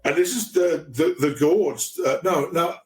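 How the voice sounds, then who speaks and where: A middle-aged man, a podcast guest, telling a story casually, often restarting his sentences with stammers. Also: on the high side. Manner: halting, with many restarts and stammers.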